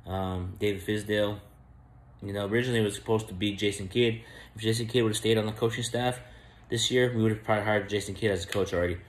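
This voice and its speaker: A man's voice: on the low side, fairly even intonation, fast, reverberant. Blunt, fired-up man ranting on sports. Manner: frustrated, blunt, repeats "man" and "bro". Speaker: sports channel host. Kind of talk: fan sports commentary vlog.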